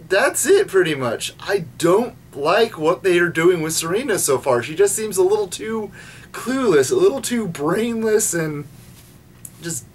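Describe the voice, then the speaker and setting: An anime vlogger talking off the cuff at home, with a mid-pitched voice. The delivery rambles through restarts and casual swearing, loose and unscripted. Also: a bit bright.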